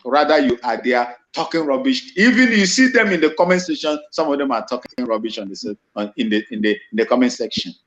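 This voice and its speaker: A male commentator with a Nigerian accent speaks in an animated, fairly bright mid-range voice, a little fast and with few pauses. His impassioned monologue is emphatic and repetitive, often circling back to restart phrases. The recording is dull and lo-fi.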